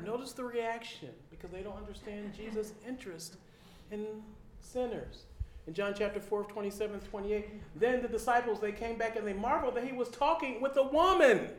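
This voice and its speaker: A man preaching a sermon in an animated way, acting out people's reactions and repeating his key lines. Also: sits high, a little fast, a little hiss or hum. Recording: echoey room.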